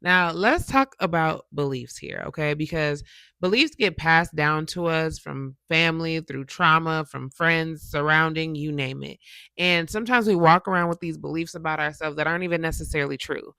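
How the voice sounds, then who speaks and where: Bright, gravelly-voiced woman giving motivational talk. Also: low-pitched, normal speed, no room sound. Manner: chatty, animated, checks in with the audience often. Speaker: motivational YouTuber and podcast host. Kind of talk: casual motivational talk to camera.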